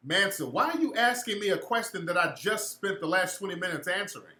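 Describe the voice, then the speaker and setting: A man talks straight to his viewers in loose street slang, blunt and profane. His voice sits a little high with a bright, forward edge. The room around him rings with echo. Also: animated, a little fast. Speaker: host answering viewers. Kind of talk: casual livestream chat.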